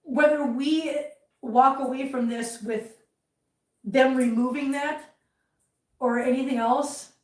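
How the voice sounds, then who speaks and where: A high-voiced middle-aged woman rambles through a casual live chat while she tidies at home. She vents with heat between asides. Her voice comes from well back in a roomy space. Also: steady tone, slow, pauses often, far from the mic. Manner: chatty, rambling, heated venting. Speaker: livestream host. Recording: roomy, from off-mic.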